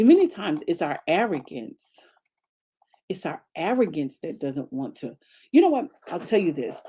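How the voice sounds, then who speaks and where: Mellow husky woman pastor preaching. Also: mid-range voice. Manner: lively, repeats phrases for emphasis, asks rhetorical questions. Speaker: pastor and coach. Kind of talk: motivational faith talk.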